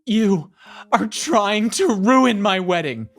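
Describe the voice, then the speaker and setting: A man's voice: a little high, big pitch swings, unhurried, voice pushed up. A man voicing a demanding young bride who sobs and wails indignantly, with background music. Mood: indignant whining. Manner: wailing, indignant, dragged-out words. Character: shrill sobbing young bride, demanding and entitled.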